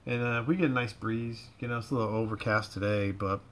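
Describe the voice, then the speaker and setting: A man's voice: lowish voice, steady tone, quick pace. A middle-aged man from Florida with a Southern drawl and a touch of Cajun, hosting a rambling, folksy livestream from his garage. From Florida, USA. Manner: rambling, repeats himself, folksy slang. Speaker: livestream host. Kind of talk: casual livestream chat. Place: home garage.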